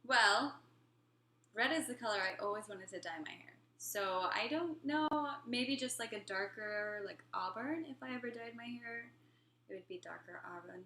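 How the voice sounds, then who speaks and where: A woman's voice: medium pitch, normal speed, pushed and bright. A young woman co-hosting a casual family vlog Q&A, giggly and sometimes dropping to a near whisper. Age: young adult. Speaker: vlog co-host. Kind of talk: casual live Q&A chat. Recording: echoey room with faint noise.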